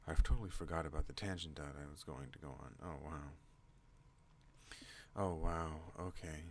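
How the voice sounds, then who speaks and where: A man hosting an ASMR channel, talking in a slow rambling way and drifting off on tangents. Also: a little hiss or hum. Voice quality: deep relaxed voice. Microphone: non-binaural desk microphone.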